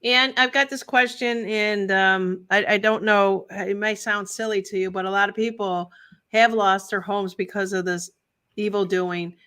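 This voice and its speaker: A woman hosting a casual interview, asking questions haltingly. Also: mid-range voice, fairly even intonation, fairly bright tone. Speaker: host.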